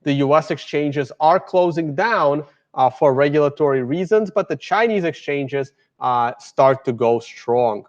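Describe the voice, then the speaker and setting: A man's voice: fairly high pitch, unhurried, hardly any pauses. A man giving a casual live lecture with slides, rambling with many fillers and restarts. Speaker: guest speaker. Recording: dull lo-fi lecture recording.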